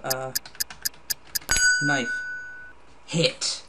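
Tired man muttering drawing-game guesses slowly. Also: mid-range voice. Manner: muttering guesses, swearing at himself. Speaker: gamer playing online. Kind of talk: casual gaming commentary. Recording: noisy home recording with ticking.

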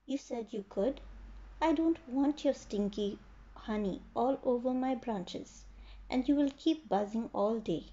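A woman's voice: a little high, a little slow, warm tone, highs cut off, natural voice. A woman voicing a proud, rude male fig tree in a storybook reading, snooty and dismissive. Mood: haughty.

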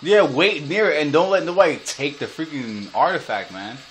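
A young man commentating his own video game match, recorded on a phone, excitable and quick to yell, laugh and curse. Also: on the high side, soft background music.

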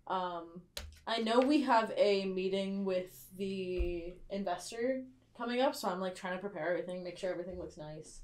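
A woman's voice: medium pitch, moderate pace, darkish tone. A woman improvising her character in a tabletop game, talking in a casual, chatty way. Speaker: player. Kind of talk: improvised role-play. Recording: echoey room.

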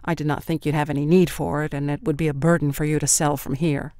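A man voicing a calm, ageless goddess. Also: a little high, dry recording, clean studio sound, lightly acted. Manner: calm, measured, composed.

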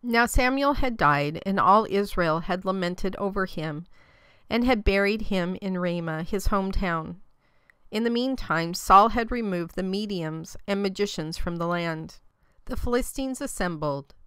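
A woman reading scripture aloud in a steady, measured narration. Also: medium pitch, clean tone, dry recording. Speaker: scripture reader.

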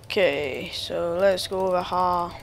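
A gamer giving let's-play commentary, excitable and quickly exasperated, talking back to the game as they play. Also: medium pitch, creaky, faint music behind. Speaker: gamer playing through a game.

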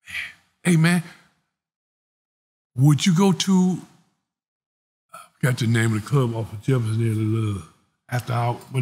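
A middle-aged man, telling a story as an interview guest, animated and profane, laughing often. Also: fairly low pitch, husky. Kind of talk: casual storytelling.

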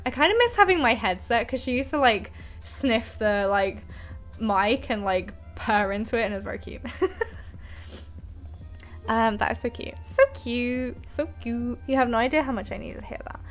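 A woman's voice: on the high side, moderate pace, faint music behind. A young woman chatting casually on her live stream, giggly and affectionate toward her cat, speaking into a desk mic at home. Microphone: desk microphone.

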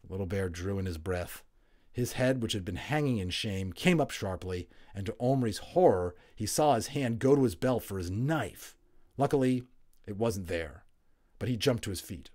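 A man narrating a children's novel aloud in an expressive, lively storytelling manner. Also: lowish voice, normal speed. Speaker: audiobook reader.

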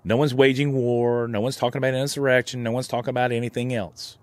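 A man's voice: mid-range voice, level tone, fast talker, dry recording. A man hosting his own channel, speaking in a heated, indignant vlog rant with frequent restarts. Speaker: gun channel host. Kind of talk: opinion vlog commentary.

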